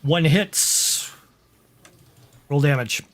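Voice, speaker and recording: High-voiced, unhurried man running a tabletop game. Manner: loose, halting narration with acted cries. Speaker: game master.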